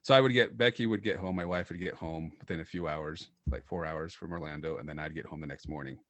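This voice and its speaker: A man's voice: a bass voice, quick pace, dry recording. A man co-hosting a podcast, telling casual stories with lots of fillers and laughing often. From Utah. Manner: animated storyteller, laughs often, many fillers. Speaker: podcast co-host. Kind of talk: casual chat, storytelling.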